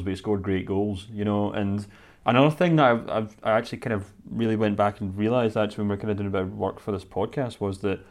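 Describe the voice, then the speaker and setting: A man's voice: lowish voice, a little mellow. A man as a podcast guest, talking loosely with lots of "like" and "you know". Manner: loose, filler-heavy, says "like" and "you know" often. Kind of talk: casual football podcast chat.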